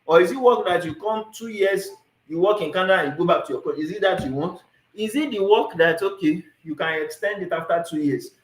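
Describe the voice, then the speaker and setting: A man with a Nigerian accent hosting a livestream Q&A, lively and often asking "you understand?" as he mixes pidgin into his English. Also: high voice, a little fast, echoey room, low-quality recording. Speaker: immigration consultant, livestream host. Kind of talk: livestream Q&A, reading viewer questions.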